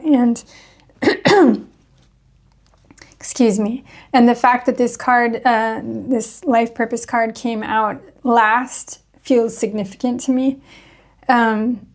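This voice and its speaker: A woman hosting a spiritual tarot reading, speaking gently and earnestly, pausing often and reading card meanings aloud from a guidebook. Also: on the high side. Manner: gentle, earnest and reflective, with many pauses and fillers. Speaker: tarot reader, channel host.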